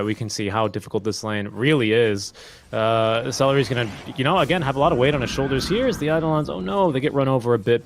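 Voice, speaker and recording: Rapid-fire jokey esports commentator man. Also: medium pitch. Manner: jokey, easygoing. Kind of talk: live esports play-by-play commentary.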